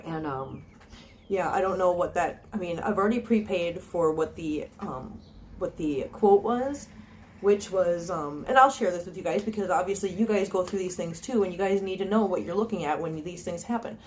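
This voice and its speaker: A cat channel vlogger speaks at normal speed in a lowish voice, slight background noise audible. Addressing viewers through her phone camera, she's casual, earnest and chatty, often restarting and filling pauses with um.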